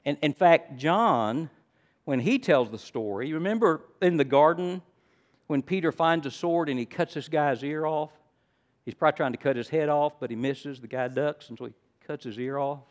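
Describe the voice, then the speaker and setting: An older man preaching a sermon, teaching in a friendly way and rising to loud, emphatic stresses. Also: a little high, moderate pace. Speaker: pastor.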